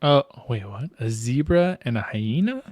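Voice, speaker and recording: A man's voice: medium pitch, animated, moderate pace, darkish tone, dry recording, studio quality. A young man co-hosting a casual podcast, laid-back and joking. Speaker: podcast co-host. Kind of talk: casual chat.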